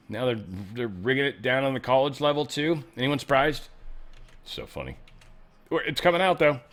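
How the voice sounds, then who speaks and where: A man hosts a loose, off-the-cuff rundown of the news, joking, swearing and riffing as he goes. His voice sits at an ordinary middle pitch, and his delivery stays casual and irreverent throughout. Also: a bit bright. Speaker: show host. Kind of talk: casual news commentary monologue.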